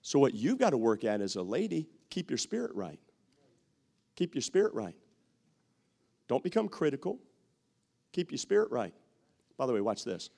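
A man preaching a sermon, bantering with the congregation, repeating phrases for emphasis and sometimes shouting. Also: mid-range voice, big pitch swings, normal speed, creaky, long pauses.

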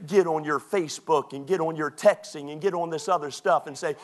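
A man preaching a sermon as a pastor, animated and mocking, often breaking into quoted put-on voices. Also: fairly high pitch, a little fast.

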